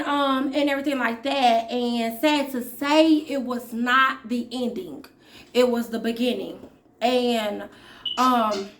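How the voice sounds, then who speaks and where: A woman in her thirties vlogging straight to her viewers. Her voice sits a little high, and she takes her time, leaving unhurried pauses and fillers between her phrases. She sounds chatty and direct, as if talking to friends. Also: a little hiss or hum. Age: 30s. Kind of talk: casual talk to camera.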